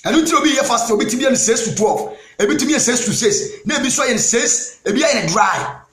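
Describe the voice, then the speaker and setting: A Ghanaian man preaching a sermon as an evangelist, emphatic and repeating "Amen", sometimes shouting. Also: extremely high pitch, expressive, quick pace, reverberant. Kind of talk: sermon mixing Twi and English.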